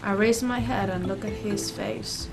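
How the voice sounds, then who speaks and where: A woman hosting a gaming channel, reading a visual novel's story text aloud with expressive, emotional delivery. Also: mid-range voice, a little slow. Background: game music.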